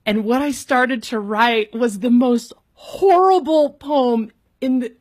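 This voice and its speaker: A middle-aged woman, an author and speaker, telling a personal story with lively, expressive delivery and sudden pitch jumps when she acts out quotes. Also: takes it slowly. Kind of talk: animated storytelling.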